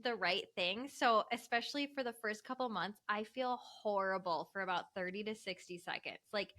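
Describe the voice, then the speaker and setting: A woman's voice: mid-range voice, moderate pace, bright, forceful tone. A young woman co-hosting a podcast, explaining her experience earnestly in casual chat and correcting herself as she goes. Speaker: podcast co-host.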